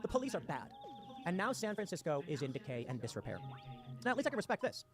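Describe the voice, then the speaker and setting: Fast-talking sarcastic ranting man. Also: fairly high pitch, big pitch swings. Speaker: political commentator. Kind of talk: livestream commentary reading posts aloud. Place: home in West Virginia. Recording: music playing underneath. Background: music.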